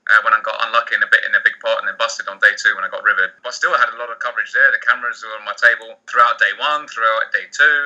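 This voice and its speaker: A man, a poker player, answering interview questions in a rapid, animated way with many restarts. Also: fairly low pitch, dull audio.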